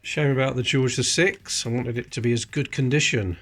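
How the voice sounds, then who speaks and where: A man's voice: medium pitch, steady tone, brisk, a bit bright, soft background music. Chatty man sorting coins. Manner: chatty, explains details while handling coins. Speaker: coin collecting channel host. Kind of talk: casual coin-sorting commentary.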